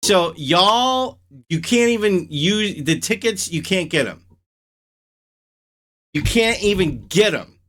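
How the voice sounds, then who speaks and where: A man with a fairly high-set voice hosts his own show, chatting loosely and casually. He reacts and rants with strong opinions, sounding animated and outspoken, speaking slowly with long pauses.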